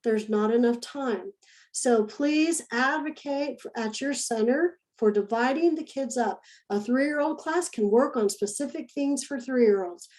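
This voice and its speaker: A woman's voice: on the high side, unhurried, a little mellow, low-quality recording. A woman teaching early childhood education in a recorded lesson, talking in a conversational, demonstrative way and repeating key phrases.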